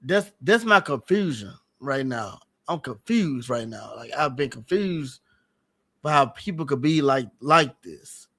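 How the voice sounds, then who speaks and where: A man's voice: mid-range voice, lively intonation, measured pace, sharp tone. A man talking casually on a livestream, rambling and repeating himself in an earnest, aggrieved way. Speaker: streamer guest.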